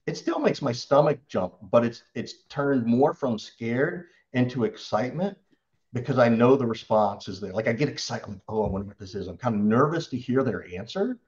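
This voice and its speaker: A man who works as a sales coach, answering interview questions and acting out what clients say in lively stories. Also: medium pitch, moderate pace, lo-fi sound. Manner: animated storytelling, acts out client quotes.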